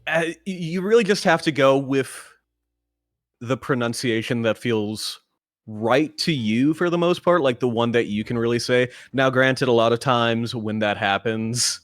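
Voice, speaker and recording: A man who voice acts, chatting casually as a guest, relaxed and swearing offhandedly while explaining things. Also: mid-range voice, unhurried, no echo, clean studio sound. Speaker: voice actor guest. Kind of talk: casual chat.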